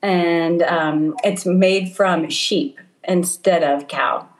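A middle-aged woman missionary talking casually as an interview guest, laughing often and filling pauses with ums. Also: lowish voice, fairly even intonation, poor audio. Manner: warm, laughs often, many ums and restarts. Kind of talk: casual conversation. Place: home in Italy, over a call.

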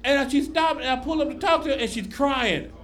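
A man from Memphis doing a crude, animated stand-up routine on a club stage. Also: extremely high pitch, brisk. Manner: loud, crude, animated storytelling. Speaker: stand-up comedian. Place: comedy club stage before a live audience. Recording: live club recording with noise.

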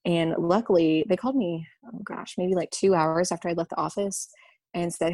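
A young adult woman candidly telling a personal story, halting and full of ums and you-knows. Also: lowish voice, fairly even intonation, darkish tone, no echo. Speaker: vlogger sharing a personal story.

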